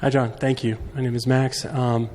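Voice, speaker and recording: A man's voice: medium pitch, flat delivery, normal speed, a little mellow. A man in the audience asking a hesitant question full of fillers. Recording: echoey hall, faint background noise.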